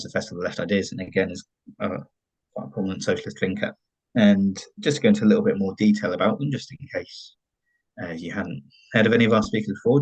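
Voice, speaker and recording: A man's voice: fairly low pitch, dry recording, poor audio. A man with a West Country accent hosting an online forum, introducing it in a chatty way with fillers and self-corrections. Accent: West Country English. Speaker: host.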